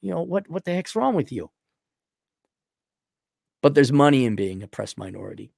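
A young man hosting a livestream, reading out donations and giving blunt, crude opinions, swinging from loud outbursts to low mumbling. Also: sing-song, normal speed, vocal fry, no room sound, studio quality. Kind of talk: casual opinionated monologue.

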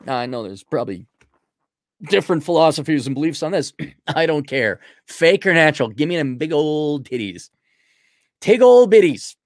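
A young man hosting a livestream, reading out donations and giving blunt, crude opinions, swinging from loud outbursts to low mumbling. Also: lively intonation, normal speed, dry recording, clean studio sound. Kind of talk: casual opinionated monologue.

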